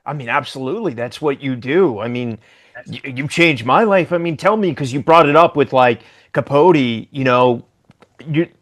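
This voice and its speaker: A man's voice: mid-range voice, moderate pace, fairly bright tone. A man hosting a podcast interview, asking rambling, hesitant questions. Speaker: podcast host. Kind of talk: casual interview.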